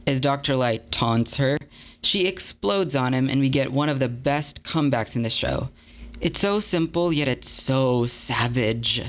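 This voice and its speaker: A man's voice: medium pitch, measured pace, fairly bright tone. A young man narrating a video essay in an earnest, conversational, slightly self-deprecating way. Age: young adult.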